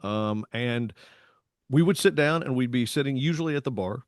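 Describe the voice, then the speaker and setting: Guy cohosting a podcast, animated storyteller, dry close mic. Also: medium pitch, normal speed, no echo. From Tennessee, US. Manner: animated storytelling with voiced quotes. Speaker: podcast co-host. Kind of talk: casual chat.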